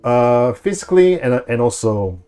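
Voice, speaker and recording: A man narrating as game master, describing scenes with a halting, filler-heavy delivery. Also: medium pitch, animated, dark tone, clear, resonant tone, soft background music. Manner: hesitant, many fillers.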